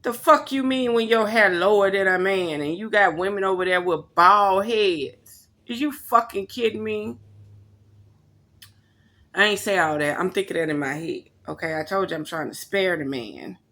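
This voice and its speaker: Woman, vlogger, blunt profane rant, gravelly fry, sharp tone. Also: mid-range voice, normal speed. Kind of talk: casual storytelling rant.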